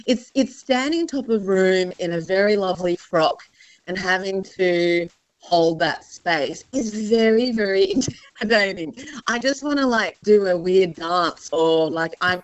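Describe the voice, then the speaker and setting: Earnest woman, warm laughing guest. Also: medium pitch, lively intonation, moderate pace, muffled recording. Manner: earnest, gushing, laughs often. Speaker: cooking show judge, guest. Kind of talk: casual interview.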